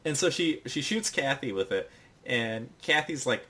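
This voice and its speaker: Podcast host, man, mid-pitched, rambling casual recap. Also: lively intonation, unhurried, bright, forceful tone, breathy edge. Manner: rambling, filler-heavy storytelling.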